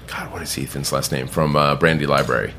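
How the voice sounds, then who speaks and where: A man with a deep, low voice tells a long bar anecdote on a podcast. He talks casually, swears freely and slips into other people's voices to act out their lines. A faint background hiss sits under the recording. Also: steady tone, fairly quick, pushed and bright. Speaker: bartender guest.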